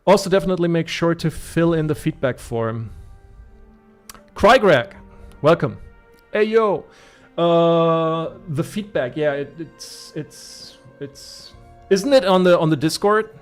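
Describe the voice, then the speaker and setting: A man from Germany with a German accent, chatting casually as a gaming streamer, rambling with many fillers and restarts. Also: fairly high pitch. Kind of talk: casual live-stream commentary.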